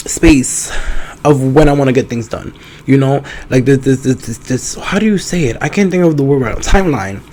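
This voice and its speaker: A man hosting a podcast, talking loud, campy and playful in casual chat. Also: medium pitch, animated, normal speed, slight background noise. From New York. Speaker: podcast host.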